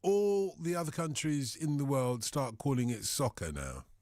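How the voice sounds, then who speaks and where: A man's voice: medium pitch, expressive, normal speed, a little mellow, no echo, studio quality. A man hosting a live football show, chatty and playful, teasing his guest with questions. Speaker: host.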